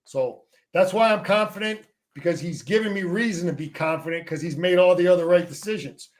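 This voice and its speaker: With a fairly high voice and a fairly quick pace, this middle-aged guest, who once played and coached, talks sports casually and forcefully. He keeps restarting and repeating words, dropping in a mild curse to drive a point home.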